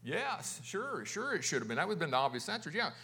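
A man's voice: on the high side, big pitch swings, fast, sharp tone. A man preaching a sermon as pastor, talking conversationally, restarting words and putting questions to his congregation.

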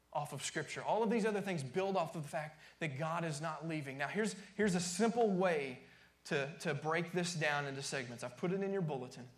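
High-voiced preacher in an echoey sanctuary. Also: male voice. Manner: emphatic preaching, repeats phrases, drops to near-whispers. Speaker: pastor. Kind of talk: sermon.

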